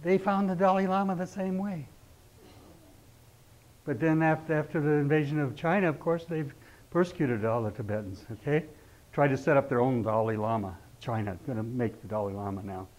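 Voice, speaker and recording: A middle-aged man lectures a class in a loose, conversational way, always checking in with quick rhetorical questions. His voice sits a little high for a man, and the recording sounds dull and lo-fi. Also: a little mellow. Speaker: astrology teacher.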